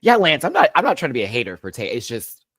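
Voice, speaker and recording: A man hosting a casual live review, campy and sassy, laughing often and swinging his pitch wildly. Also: wildly swooping pitch, quick pace, fairly bright tone, dry recording, clean studio sound. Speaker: show host, reality TV reviewer.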